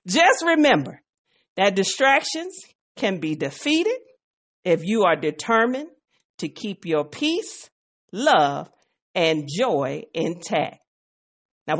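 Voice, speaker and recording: A woman hosting a faith podcast in a casual, playful way, joking with listeners and a little out of breath. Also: mid-range voice. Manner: playful, animated, sings along off key. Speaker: podcast host.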